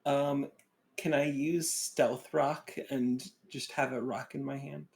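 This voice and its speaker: Gravelly man narrating his character. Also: little pitch movement, slow, darkish tone. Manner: describes his character's actions in third person, low-key. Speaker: player. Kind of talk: tabletop game play.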